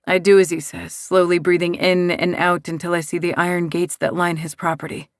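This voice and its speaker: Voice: medium pitch, level tone, fairly quick, hardly any pauses, clean tone, no echo, studio quality. Emotive first-person audiobook narrator.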